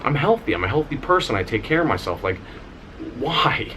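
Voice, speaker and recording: A male singer and dancer vlogging, telling a personal story in a candid, animated way with casual swearing. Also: medium pitch, brisk, a little hiss or hum.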